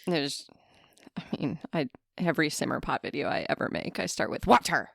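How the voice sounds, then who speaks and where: A woman's voice: low-pitched, animated, moderate pace, creaky, no echo, studio quality. A woman in her thirties co-hosting a podcast, chatting casually and joking with frequent laughter. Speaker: podcast co-host. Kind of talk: casual chat. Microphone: podcast mic.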